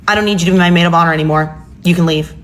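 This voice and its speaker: A woman's voice: on the low side, fairly even intonation, rapid-fire, fairly bright tone, a little hiss or hum, natural voice. A woman quoting a harsh, demanding young bride. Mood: cold.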